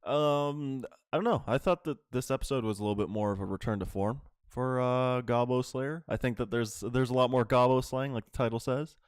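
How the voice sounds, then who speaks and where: A man's voice: medium pitch, a little fast, hardly any pauses, clean tone, no echo, studio quality. A man hosting a casual anime podcast, rambling through episode recaps with lots of fillers and swearing. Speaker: podcast host.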